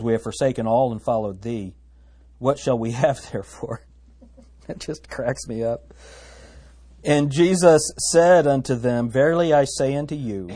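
A man teaching through a Bible passage in a relaxed, chatty way. He reads the verses aloud and breaks off for joking asides. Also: medium pitch, husky. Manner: chatty and joking, laughing at his own asides and reading scripture aloud.

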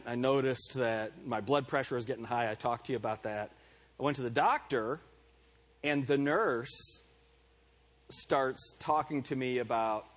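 A male pastor giving a candid, conversational sermon to his congregation and calling on members by name. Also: medium pitch. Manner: candid and self-deprecating. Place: church service before a congregation.

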